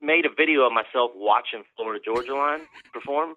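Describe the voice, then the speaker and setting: A man's voice: medium pitch, fairly quick. A man, a country musician guest, telling rambling, profane stories in a casual interview. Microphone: phone call. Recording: tinny phone line, dry.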